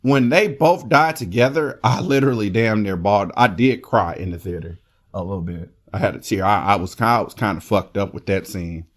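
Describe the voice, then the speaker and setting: A man reviewing a movie in casual chat, excitable and rambling, with lots of swearing. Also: on the low side, a little fast.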